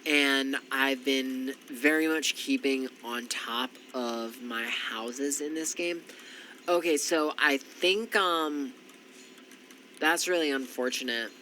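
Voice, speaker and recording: A man's voice: mid-range voice, slow pace, bright, forceful tone, slight background noise, poor audio. A congested, tired man giving casual gameplay commentary, thinking aloud with frequent ums. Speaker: strategy game commentator.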